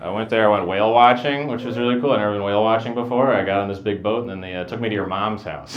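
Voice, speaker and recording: A young man doing a stand-up set on a club stage into a handheld mic, rambling with self-mocking asides and pauses for punchlines. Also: on the low side. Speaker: stand-up comedian. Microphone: handheld wired mic. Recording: live club audience laughter.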